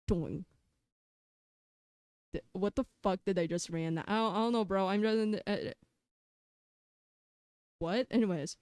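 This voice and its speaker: A young woman live-streaming who rambles chaotically, swears a lot and argues with herself in quick back-and-forth. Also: mid-range voice, a little mellow, no room sound, clean studio sound. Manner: jumps between silly sounds, jokes and random tangents. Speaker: variety streamer.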